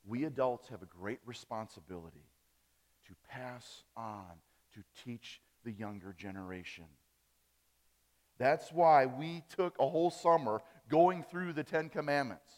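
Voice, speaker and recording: A man from Wisconsin preaching a sermon as pastor, rising on key phrases and dropping soft at the ends of lines. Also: mid-range voice, measured pace. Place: church sanctuary. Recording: reverberant church hall.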